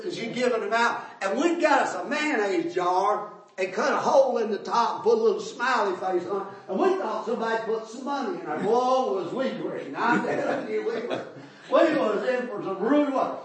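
An older man, preaching a folksy testimony sermon in a church, storytelling that rises to shouts. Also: sits high, animated, normal speed. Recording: echoey hall, far from mic.

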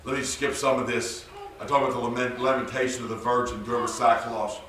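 A preacher, a man, bellowing and then dropping to a hush. His voice is bright and cutting. It is caught from a distance in a big, echoing church with faint room noise behind. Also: level tone, fairly quick. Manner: swings from low murmurs to shouted high cries. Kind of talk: sermon. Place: church sanctuary. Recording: roomy church recorded from far off.

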